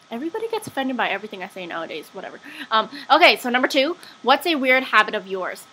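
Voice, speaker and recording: A young woman chats straight to camera in an offhand vlog, filling gaps with ums and little asides. Her voice is bright and a touch high. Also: slightly rough. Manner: chatty, lots of fillers and asides. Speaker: vlogger. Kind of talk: casual chat.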